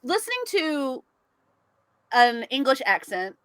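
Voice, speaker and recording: A woman's voice: high voice, big pitch swings, slow, a bit bright, clear, resonant tone, no room sound. A woman hosting a podcast, chatting casually, laughing often and reading out chat comments. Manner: chatty, giggly, reads chat comments aloud. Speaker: podcast host. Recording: dry close mic.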